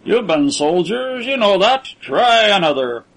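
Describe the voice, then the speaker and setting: A man's voice: high-pitched, big pitch swings, a bit bright, pitched above the performer's own voice, exaggerated voice, low-quality recording. A man doing a cold, scornful rich captor. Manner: cool, measured, scornful.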